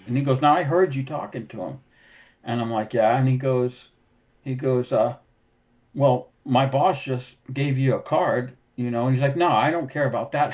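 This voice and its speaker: Middle-aged male host, everyday mid pitch, animated storyteller who voices the people in his anecdotes. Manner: animated storyteller acting out dialogue. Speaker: podcast host, window cleaner. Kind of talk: casual storytelling chat.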